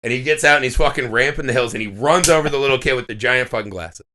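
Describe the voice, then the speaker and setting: In laid-back podcast talk, a male co-host tells lively stories and swears without holding back. His voice is mid-range and his pace quick, and a little hiss or hum runs under the audio.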